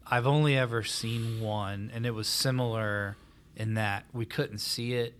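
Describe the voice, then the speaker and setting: A man with a fairly low voice asks questions in a casual interview. He hesitates and fills pauses as he talks, and keeps a relaxed, conversational tone. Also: a little hiss or hum.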